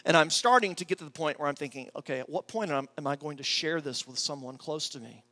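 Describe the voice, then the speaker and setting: A middle-aged man preaching with a fairly high voice. He tells his story with lively energy and acts out his own excitement. His prayers come out soft and slow. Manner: prays softly and slowly. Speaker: pastor. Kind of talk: sermon.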